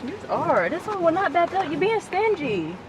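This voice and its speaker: A woman's voice: very high-pitched, big pitch swings, moderate pace. A young woman vlogging from a car at a safari park, laughing and coaxing animals in casual chat. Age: young adult. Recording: noisy outdoor car recording.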